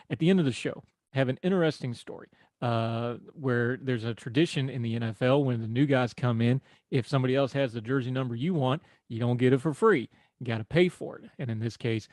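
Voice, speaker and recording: Man, talk radio host, folksy, dry studio sound, mid pitch. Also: a little mellow, dry recording. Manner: folksy, conversational, wry asides. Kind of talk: political talk radio monologue.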